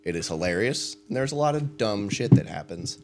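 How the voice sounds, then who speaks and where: A man's voice: lowish voice, a little fast, slight background noise. A man hosting a podcast, telling stories in a casual chat and laughing often as he talks. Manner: laughing, animated storytelling. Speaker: podcast host.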